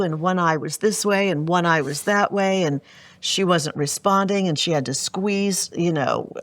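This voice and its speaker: A middle-aged woman speaks as a guest on an interview show, her voice sitting a little low. She tells a personal story in an earnest, vivid way. She often turns to address the host. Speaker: guest entrepreneur. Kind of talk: emotional storytelling.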